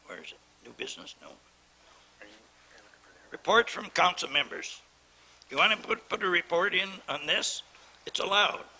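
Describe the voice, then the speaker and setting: A middle-aged mayor at a council desk mic, indignant and lecturing. His voice is high for a man, gravelly and piercingly bright. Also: expressive, moderate pace, pauses often, a little hiss or hum, low-quality recording. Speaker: mayor chairing a council meeting. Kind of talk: heated council debate. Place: town council chamber.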